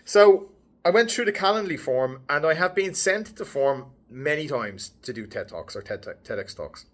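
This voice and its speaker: A man, a headshot photographer, casually telling a story straight to camera with a lively, bouncy delivery. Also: moderate pace. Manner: animated, lively, pitch swinging up and down.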